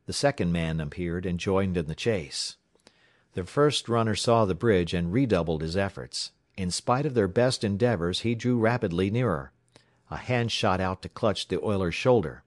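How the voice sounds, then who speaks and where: A man narrating an adventure audiobook in a steady, measured reading style. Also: low voice, no room sound, clean studio sound.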